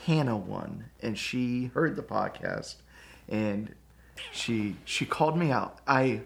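A man co-hosting a church podcast, chatting casually and telling animated stories. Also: mid-range voice, slow pace, vocal fry, slight background noise. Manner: animated storyteller. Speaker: podcast co-host. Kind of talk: casual chat.

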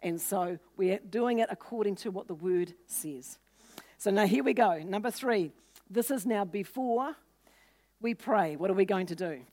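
A woman with a slightly mellow voice preaches a sermon at a measured pace. Teaching earnestly, she acts out scenes from scripture, giving quoted speakers lifted pitch and force.

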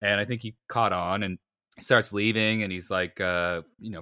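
Speaking at a moderate pace in a fairly low voice, a man co-hosting a podcast shares an anecdote in relaxed conversation. He animatedly performs the voices of the story's characters while poking fun at himself. It's studio-quality audio with no room sound.

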